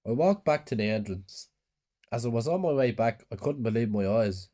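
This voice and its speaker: A man's voice: mid-range voice, lively intonation, normal speed, dark tone. A man narrating a horror story in a subdued, plain storytelling way.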